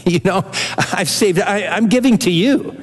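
A man's voice: high voice, measured pace, slightly rough, in a large hall. An older man preaching a sermon as pastor, earnest and expository, with shifting pace.

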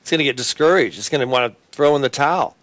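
A man hosting a Christian talk show, talking earnestly and haltingly, with many fillers and restarts. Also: medium pitch, animated, fairly bright tone, no room sound. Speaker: host.

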